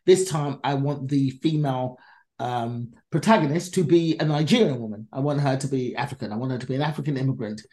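A woman comedian guesting on a podcast tells a story conversationally, acting out each person's lines in different voices and swearing freely. Her delivery is animated and brisk, and her pitch is extremely low.

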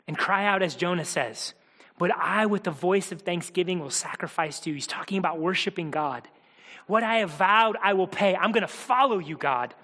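A man preaching a sermon, earnest, moving between hushed quiet passages and urgent, pressing ones. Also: high-pitched. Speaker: pastor. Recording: long hall reverb.

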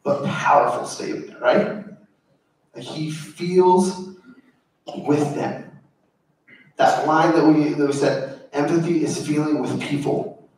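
A man's voice: on the high side, fairly even intonation, slow pace, long pauses, darkish tone. Man preaching in a very echoey room. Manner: earnest, informal, explaining a text. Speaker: pastor. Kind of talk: conversational sermon. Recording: very echoey room, voice far from mic.

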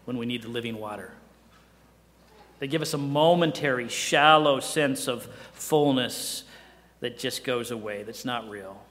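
Middle-aged pastor preaching in a reverberant hall. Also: male voice, mid-range voice. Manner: conversational preaching, dropping to hushed emphasis; asks the listeners rhetorical questions. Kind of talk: sermon.

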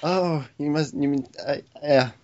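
A man's voice: fairly high pitch, a little slow, a little mellow, highs cut off. Eager male podcast host. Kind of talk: casual podcast interview.

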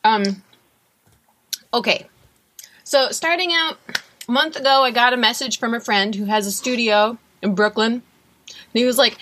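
A woman composer, a guest on a podcast, chatting in a rambling, animated way and often laughing. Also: a little high, moderate pace, pauses often. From USA. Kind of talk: casual conversation.

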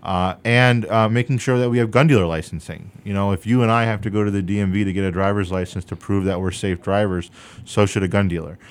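A man's voice: on the low side, fairly even intonation. A young man running for state senate, answering interview questions earnestly with many fillers. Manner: earnest, measured with frequent fillers.

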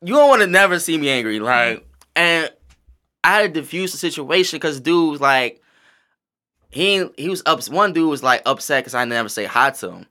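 Man from the American South, podcast host, very bright voice, profane animated storytelling. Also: a little high, normal speed. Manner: profane, animated storytelling, calls himself introverted. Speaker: podcast host, stage host and performer.

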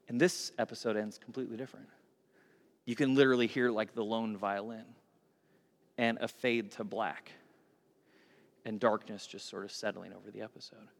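A male pastor giving a sermon in lively storytelling style, speaking straight to his listeners. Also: fairly low pitch, normal speed, creaky, pauses often. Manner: animated storytelling, addresses listeners directly. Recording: long hall reverb.

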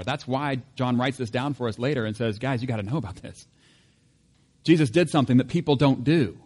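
Man, pastor, casual sermon delivery, light humor, mid-pitched voice. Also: a little mellow. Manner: conversational, self-correcting, with light humor.

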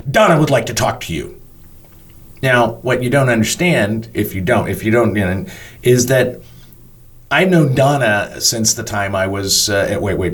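A man, a front of house manager, telling a personal story in a casual, animated way and swearing freely. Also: on the low side.

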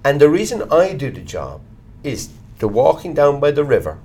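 Blunt Irish man, lively swings in pitch. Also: moderate pace, a little hiss or hum. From Ireland. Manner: blunt, swears casually, animated storyteller. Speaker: actor, guest. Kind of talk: candid conversational interview.

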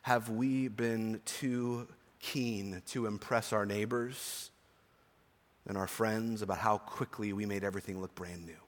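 A man's voice: fairly low pitch, steady tone, unhurried. A pastor in his forties preaching an earnest, emphatic sermon to his church, with chatty personal asides. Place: church sanctuary. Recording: long reverb of a church hall.

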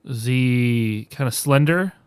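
A man's voice: medium pitch, slow, clear, resonant tone, no echo. A man playing his character in a tabletop game, polite and curious in his questions. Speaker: player.

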